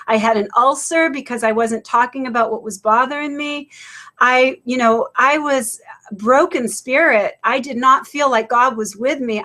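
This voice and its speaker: High-voiced passionate spiritual woman. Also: sharp tone. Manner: emphatic, gets passionate and preachy. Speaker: co-host of a spiritual retreat webinar. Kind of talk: passionate inspirational chat.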